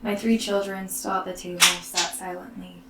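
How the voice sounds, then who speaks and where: A woman, a mother, tells her own story in a slow, soft and halting way, often near a whisper. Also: lowish voice, level tone. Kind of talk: personal storytelling. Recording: roomy, distant mic, faint background noise.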